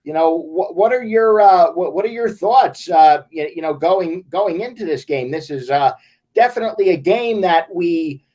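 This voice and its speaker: A man from the Las Vegas area hosting a casual sports talk show, halting, with stammered restarts and many "you know"s. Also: on the high side, lively intonation, a little mellow.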